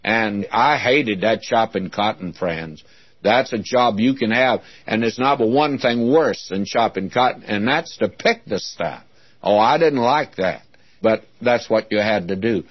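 A man's voice: fairly low pitch, expressive, unhurried, husky, dry recording. A man preaching an expository sermon as a Bible teacher, in an earnest, folksy way, often calling his listeners "friends". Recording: dull lo-fi recording.

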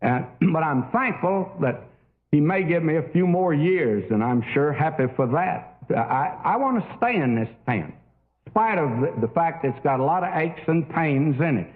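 An older man preaching a sermon, telling a story with folksy asides, many fillers and a lively, rising and falling delivery. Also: a little high, normal speed. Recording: phone-like narrow audio.

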